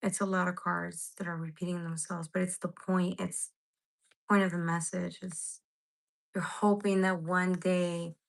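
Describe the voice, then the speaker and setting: Gravelly-voiced woman giving an emotional tarot reading. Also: on the low side, flat delivery, measured pace, rough recording. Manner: emotional, rambling, swears casually, talks to viewers directly. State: near tears. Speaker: tarot reader. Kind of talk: casual live tarot reading.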